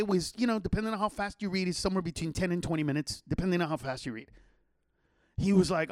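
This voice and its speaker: A man's voice: sits high, fast, darkish tone, no room sound, studio quality. A middle-aged man, a comedian hosting a podcast, telling rambling, profane stories in casual chat with lots of restarts.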